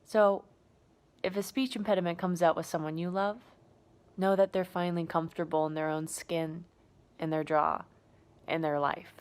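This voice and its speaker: A woman's voice: lowish voice, steady tone, normal speed, pauses often, low-quality recording. A woman actor performing a sincere, reflective personal monologue.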